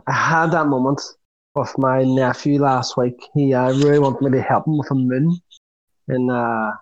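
A man co-hosting a podcast, rambling and quick to laugh in casual chat. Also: mid-range voice, steady tone. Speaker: podcast co-host. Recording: dull lo-fi sound.

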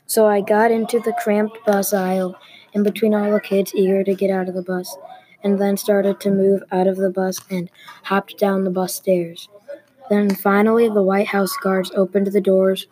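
A woman reading a story aloud at an even, unhurried pace, with small restarts. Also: medium pitch, rough recording. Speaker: story reader.

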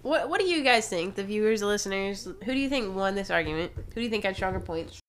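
A woman's voice: medium pitch, lively intonation, fast, slight background noise. A young woman co-hosting a casual debate podcast, chatty and repeating herself when interrupted.

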